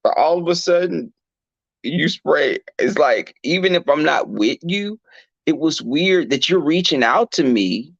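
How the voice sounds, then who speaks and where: A man telling a candid personal story in a blunt, animated and profane way. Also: on the high side, unhurried, vocal fry, no room sound, dull audio. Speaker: podcast host.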